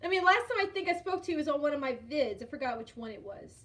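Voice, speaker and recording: A woman's voice: high-pitched, fast. A woman hosting a casual live stream chat, telling a story with frequent laughter and greeting viewers by name. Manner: animated, laughs often, greets chatters by name.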